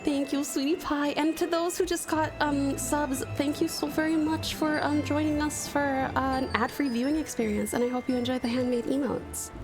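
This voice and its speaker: A woman's voice: sits high, steady tone, normal speed, few pauses. A woman from Australia streaming from home, chatting casually and gushing thanks to viewers with pet names. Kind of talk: casual live-stream chat. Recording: music playing behind.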